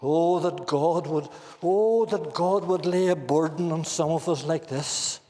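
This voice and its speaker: A man's voice: on the high side, unhurried, warm tone. A man with a Northern Irish accent preaching a sermon in a church meeting hall, earnestly putting questions to his listeners.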